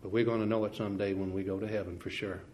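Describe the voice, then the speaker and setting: A man preaching a sermon, swinging from quiet, folksy asides to loud, slow, ringing scripture quotes, with small laughs and restarts. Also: fairly low pitch, flat delivery, slight background noise.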